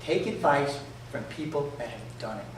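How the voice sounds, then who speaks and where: A man's voice: medium pitch, normal speed. A man from New York with a New York accent, telling jokey stories to an audience as an entrepreneur and acting out the dialogue. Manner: animated, jokey, acts out dialogue. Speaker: entrepreneur speaker. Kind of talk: storytelling talk to an audience. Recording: echoey room from far off, faint noise.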